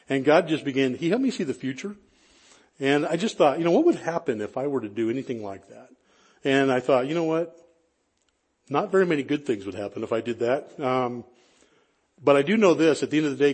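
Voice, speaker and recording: A man with a slightly husky voice of middle pitch preaches to his congregation. He talks like he is chatting with friends, circling back and restarting his sentences, and he pokes fun at himself. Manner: chatty, self-deprecating, frequent restarts. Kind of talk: conversational sermon storytelling.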